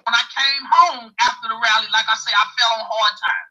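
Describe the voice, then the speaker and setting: Guy telling a wild story on a talk show, super high bright voice, kinda husky, cussing and doing everybody's lines. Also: brisk, poor audio. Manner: animated, profane, acts out other people's lines.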